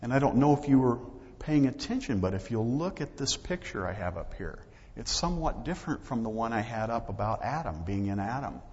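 A man's voice: mid-range voice, big pitch swings, a little fast, hardly any pauses, a little mellow, slight background noise. A man preaching a sermon as pastor, talking conversationally and acting out little dialogues. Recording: dull lo-fi audio with long hall reverb.

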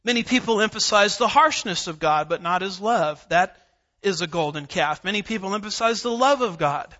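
A man preaching in a church, his voice pitched high and bright as he drives his points home with repeated phrases and scripture references. The recording sounds a little dull and lo-fi. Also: animated, moderate pace. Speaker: pastor. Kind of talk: verse-by-verse sermon. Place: church sanctuary.

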